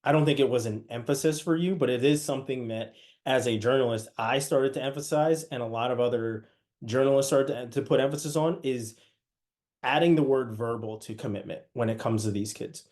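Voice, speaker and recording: Male podcast host, casual and chatty, mid-pitched, talks in loose asides. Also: a little fast, darkish tone. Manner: conversational, many restarts and asides.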